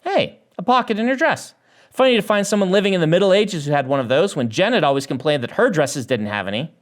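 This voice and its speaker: Animated man reading his own novel. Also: sits high, fast. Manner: animated reading that lifts the voice for dialogue. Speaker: author.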